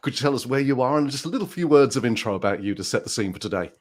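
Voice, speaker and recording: A man's voice: mid-range voice, animated, very fast. A British man hosting a live online panel discussion over a video call, chatty and upbeat, laughing often. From United Kingdom. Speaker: host.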